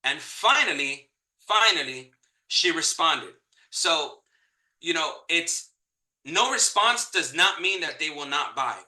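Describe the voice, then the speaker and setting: Guy coaching realtors, bright sharp voice, kinda high, echoey room. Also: slow pace. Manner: energetic, repeats key points for emphasis. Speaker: real estate trainer. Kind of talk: live online training talk.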